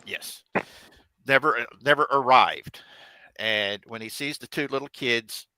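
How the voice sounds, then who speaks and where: A man narrates a tabletop game as its game master, his voice bright and forceful. He talks in halting bursts, correcting names as he goes. The sound is dry and close, with little room around it. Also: medium pitch, smooth, no room sound, low-quality recording. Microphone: desk mic on a live stream.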